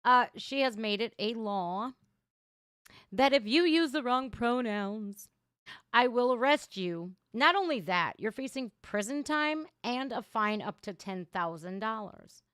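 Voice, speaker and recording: A woman's voice: fairly high pitch, a little slow, smooth, dry recording, studio quality. Blunt, ranting woman livestreamer. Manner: blunt, sarcastic, animated ranting. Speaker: livestream reaction host. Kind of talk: casual opinionated livestream talk.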